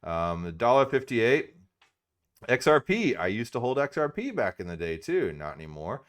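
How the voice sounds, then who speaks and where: A middle-aged man rambles through casual crypto commentary, full of fillers and little self-deprecating laughs. His pitch sits mid-range for a man but swings in a lively, animated way. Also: moderate pace. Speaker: crypto vlog host.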